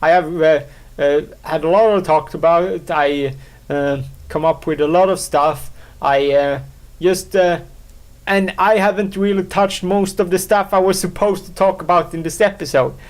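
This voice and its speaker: A man hosting a solo podcast, talking in a rambling, halting way, full of fillers, restarts and self-mocking asides. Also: sits high, fairly even intonation. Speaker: podcast host.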